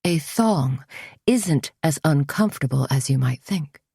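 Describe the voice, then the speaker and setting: Haughty boutique owner, caustic, huffy, curt, voiced by a woman reader, low and slow, storybook. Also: animated, vocal fry, warm tone, breathy edge, dry recording, studio quality, exaggerated voice.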